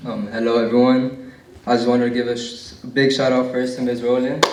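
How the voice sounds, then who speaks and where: A man's voice: mid-range voice, little pitch movement, normal speed. A teenage student reading his own essay aloud at an award event, plain and a little nervous, with some slips. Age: teens. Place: large library event hall. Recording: echoey room from far off.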